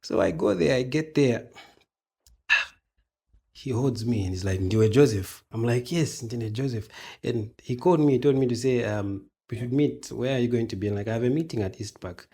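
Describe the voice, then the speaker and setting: A man's voice: medium pitch, brisk, vocal fry, slightly rough. A man, a guest in a casual interview, telling his story with animation and acting out the dialogue. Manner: animated, acts out dialogue in quoted voices.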